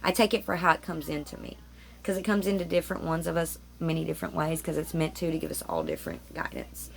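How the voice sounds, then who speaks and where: A tarot reader chats casually to camera about spiritual matters from a home room where roommates are close by, rambling and frequently cutting herself off. She has a low voice with lively intonation and vocal fry, and she talks quickly.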